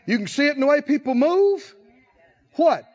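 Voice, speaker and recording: High, lively preaching man. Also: moderate pace, dull audio. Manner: preacher who swings from soft to shouted, laughing and exhorting. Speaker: pastor. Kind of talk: sermon.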